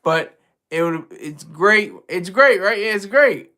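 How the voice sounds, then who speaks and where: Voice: mid-range voice, lively intonation, takes it slowly, sharp tone. A live-stream host chatting casually with viewers, rambling, restarting sentences and laughing often. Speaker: livestream host.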